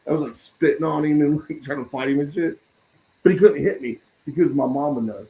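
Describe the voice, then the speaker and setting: Slightly high and slightly fast, this man's voice comes through a rough recording. He's a podcast host in a casual talk stream, profane and quick to laugh as he tells lively stories.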